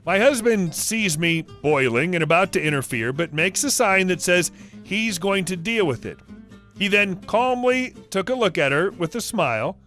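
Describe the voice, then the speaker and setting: A man's voice: high-pitched, expressive, normal speed. A man reading online stories aloud, with chatty asides between them. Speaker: story narrator. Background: soft guitar music.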